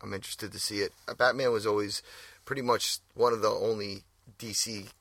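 Gravelly laid-back New man. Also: on the low side, fairly even intonation, brisk, a bit bright, no room sound. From New York. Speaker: podcast co-host. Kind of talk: casual chat.

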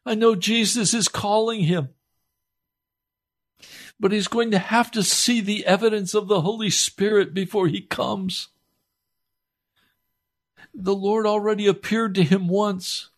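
A man's voice: sits high, fairly even intonation, measured pace, pauses often. A man preaching an emotional sermon, pleading and close to tears. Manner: impassioned, pleading, near tears.

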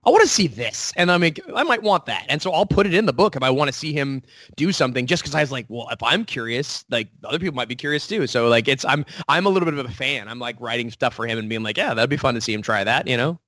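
A comic book writer with a medium-pitched voice talks casually in an interview recorded without echo. He's animated, restarting quickly and acting out quotes.

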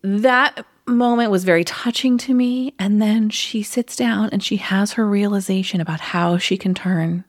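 A woman's voice: medium pitch, a little slow, few pauses, no echo, clean studio sound. A woman co-hosting a casual movie review podcast, telling her story with feeling. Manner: emotional, animated storyteller. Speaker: podcast co-host.

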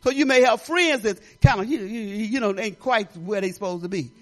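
An older woman pastor from Detroit giving a folksy, animated sermon, talking straight to the congregation with laughing asides. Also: medium pitch, fairly quick. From Detroit, Michigan.

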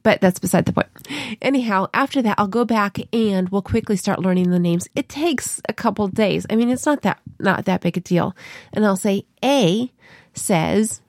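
Speaking a little fast in a medium-pitched, slightly dark voice, a female podcast co-host explains how she teaches. The recording is dry, and her manner is chatty, full of playful anecdotes and examples.

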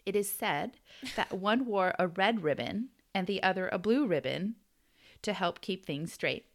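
A woman's voice: medium pitch, lively intonation, unhurried. An American woman co-hosting a podcast, chatting casually and laughing often as she tells a story. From United States. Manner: giggly, storytelling. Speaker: podcast co-host. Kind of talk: casual chat.

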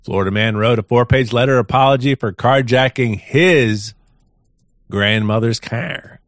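A man's voice: medium pitch, a little slow, dry recording, studio quality. A man co-hosting a podcast, reading news stories aloud in a casual, amused way with frequent chuckles. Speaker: podcast co-host.

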